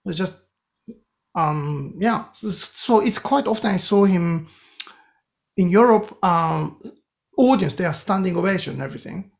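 A man with a Japanese accent, a composer talking as a guest in an interview, telling animated stories with many restarts. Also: sits high, unhurried, vocal fry, long pauses. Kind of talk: casual interview storytelling.

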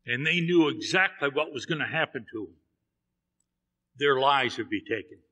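A man's voice: mid-range voice, lively intonation, moderate pace, pushed and bright, long reverb tail. A man preaching a sermon in a church, telling a Bible story and acting out the characters' lines. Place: church sanctuary.

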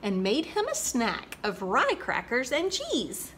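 A woman hosting a children's program and reading a rhyming picture book aloud with an expressive, rhythmic delivery. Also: a little high, slow pace, a little hiss or hum. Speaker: children's storyteller host.

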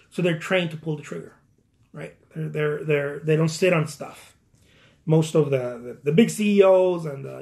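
A man with a fairly high voice talks through career advice in a loose, rambling monologue. He stumbles over repeated words and drops into quick acted quotes of other people. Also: creaky. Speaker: painter sharing career advice. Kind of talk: casual motivational talk.

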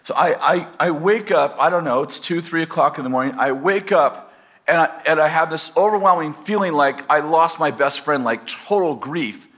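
A pastor telling a personal story to a live audience in a rambling, conversational way, with self-deprecating humor. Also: male voice, a little high, moderate pace, a bit bright. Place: campus teaching session.

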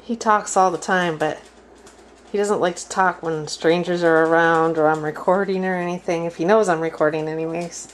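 A woman filming her pets at home in casual narration, talking to them in high sing-song baby talk. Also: steady tone, moderate pace, a little hiss or hum, rough recording.

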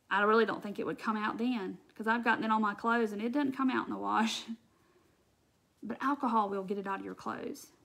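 A woman's voice: medium pitch, vocal fry, a bit bright. A woman hosting a live crafting demonstration, chatting directly to her viewers and answering their comments as she works. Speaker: craft tutorial host.

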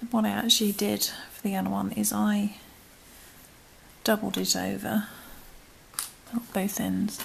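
A woman's voice: medium pitch, little pitch movement, a little slow, creaky, long pauses, a little hiss or hum. A British woman hosting a crochet tutorial, talking casually through each step and sometimes dropping to a murmur as she works. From United Kingdom. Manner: chatty, often trailing into murmurs and whispers while working.

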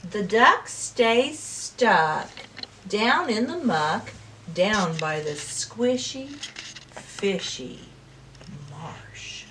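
A woman telling a rhyming story at circle time for preschoolers, slow and expressive, dropping to whispers and rising to calls. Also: medium pitch, far from the mic, background noise. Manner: slow, sing-song and expressive, with big swings between whispers and calls. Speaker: preschool teacher.

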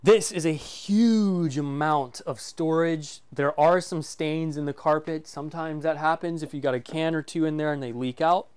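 A man's voice: fairly high pitch, moderate pace, hardly any pauses, a little mellow, clean tone. A man casually presenting a walkthrough of a motorhome for sale, enthusiastic and full of fillers like "um" and "like". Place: inside a motorhome.

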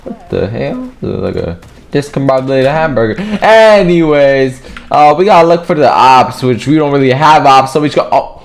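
A young man giving profane, joking commentary over his gameplay, trash-talking other players and often breaking into yells. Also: mid-range voice, animated, normal speed, creaky. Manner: bursts into yelling. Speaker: gaming video creator.

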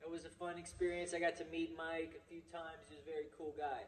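A man's voice: on the high side, flat delivery, fast, slight background noise. A man from California hosting a casual, rambling Bible teaching session and swearing freely. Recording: echoey room, mic far off.

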